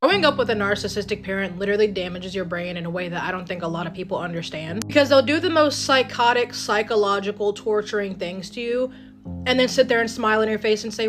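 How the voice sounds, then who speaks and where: A woman's voice: mid-range voice, fast. A woman delivering a heated, blunt rant and swearing freely. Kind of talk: angry ranting monologue. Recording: guitar music behind the voice.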